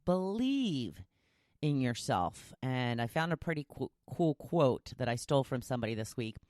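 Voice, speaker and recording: This podcast host has a rumbling low, slightly mellow voice with a sing-song lilt, speaking at a moderate pace in a dry studio recording. In her casual solo episode she chats, pokes fun at herself and laughs at her own jokes. Later she turns encouraging and motivational.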